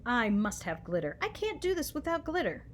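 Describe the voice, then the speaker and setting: A woman's voice: on the high side, very animated, normal speed, slight background noise. A woman voicing a sly, ancient female monster who schemes and coos like a child. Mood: frantic scheming. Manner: wheedling, shifting into a cooing baby voice.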